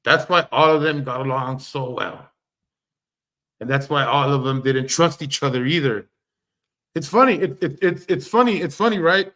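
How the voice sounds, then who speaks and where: A man with a somewhat high voice rants through a livestream about online drama. He swears freely and keeps stumbling over himself, restarting sentences as he pushes his point. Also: moderate pace, a bit bright. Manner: heated, repetitive, swears freely, stammers and restarts. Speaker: livestream commentator. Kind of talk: ranting commentary on online drama.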